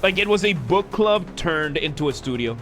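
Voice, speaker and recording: A man's voice: on the high side, expressive, normal speed, a bit bright. A man chatting casually about games with music behind. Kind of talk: casual chat and narration reading.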